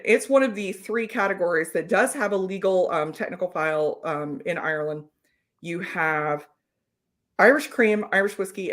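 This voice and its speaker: A woman hosting a live whiskey tasting, chatting casually and explaining technical details. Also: mid-range voice. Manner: informative, reads out viewer comments, lists technical whiskey details. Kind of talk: casual chat, live stream.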